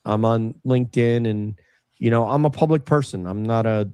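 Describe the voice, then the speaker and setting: A man's voice: medium pitch, moderate pace, darkish tone, clear, resonant tone, no room sound. Man, livestream host, casual chat, loose manner, dry sound. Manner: loose, thanks viewers, laughs a lot.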